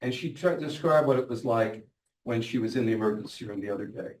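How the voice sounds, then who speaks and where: A man's voice: medium pitch, fast, darkish tone. Middle-aged man lecturing in an echoey hall. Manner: earnest, retells patients' words in their voices. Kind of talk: lecture with quoted patient stories. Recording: echoey hall, mic at a distance, faint noise.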